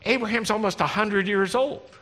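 Give me a man giving a sermon as a rabbi, bright and direct, with a long hall echo. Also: high-pitched, normal speed. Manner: conversational preaching, teasing the congregation, addresses listeners directly. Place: congregation hall. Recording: long reverb in a large hall.

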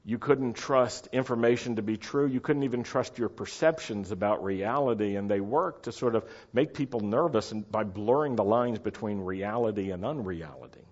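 A middle-aged man telling a story in a chatty, animated way, often checking that his listeners follow. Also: on the low side, normal speed, hardly any pauses. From United States. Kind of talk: casual anecdotal storytelling. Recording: dull lo-fi recording.

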